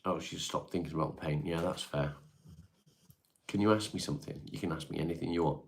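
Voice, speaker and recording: Easygoing male stream host, deep low voice, loose chat answering viewers. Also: a little fast, creaky. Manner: laid-back, swears casually, reads and answers viewer comments. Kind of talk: casual live-stream chat.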